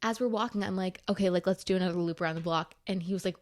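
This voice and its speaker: A young woman co-hosting a podcast, telling a story in an animated, exasperated rush, full of "like"s. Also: lowish voice. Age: young adult. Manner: animated, rushed, exasperated retelling with many "like"s. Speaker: podcast co-host. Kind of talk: casual storytelling.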